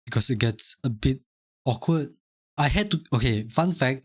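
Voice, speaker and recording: A young Singaporean man with a light local English accent chats casually on a live stream, reading chat aloud, rambling, restarting sentences and stammering repeats. His medium-pitched voice is expressive and slightly rough at a moderate pace. The studio recording is clean, with no room sound.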